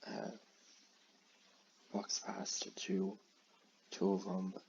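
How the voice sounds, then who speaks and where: A man's voice: low-pitched, wildly swooping pitch, very slow, gravelly, darkish tone, a little hiss or hum. A man casually retelling a plot in a rambling way, full of fillers and restarts. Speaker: creator retelling his own film idea. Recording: dull lo-fi recording.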